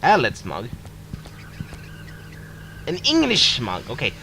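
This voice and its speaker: A man giving casual, excitable gameplay commentary, laughing, humming and exclaiming. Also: medium pitch, takes it slowly, gravelly, a little hiss or hum, rough recording. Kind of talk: casual let's-play commentary.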